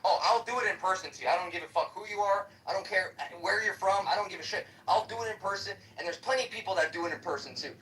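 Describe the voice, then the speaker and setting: Fast, bright-voiced man ranting profanely. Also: high voice, a little hiss or hum. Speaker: debater in a live app chat room. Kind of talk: heated live debate. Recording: echoey, distant livestream audio.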